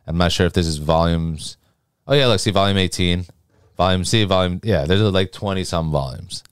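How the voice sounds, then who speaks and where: A man's voice: deep voice, normal speed, smooth, dry recording, studio quality. A young man chatting casually as a podcast co-host, rambling, swearing often and trailing off mid-sentence. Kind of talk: casual chat.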